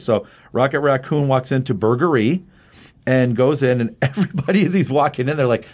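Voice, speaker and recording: A man on a podcast casually retelling a comic book plot, acting out each character's lines by jumping his pitch up. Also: a little fast, darkish tone. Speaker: podcast co-host recapping a comic. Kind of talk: casual chat, animated retelling with quoted voices.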